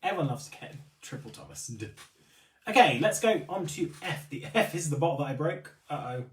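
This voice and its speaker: A man's voice: a little high, lively intonation, fairly quick, roomy sound, recorded from a distance. A man hosting a live stream for a beauty retailer, chatting casually, reading out viewer comments and often apologising. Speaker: livestream host for a beauty retailer.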